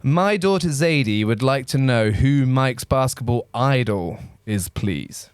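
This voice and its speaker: Man, co-host, easygoing chat, mid-pitched voice, dry mic. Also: animated, unhurried, smooth, no room sound. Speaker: podcast co-host. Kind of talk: casual podcast chat.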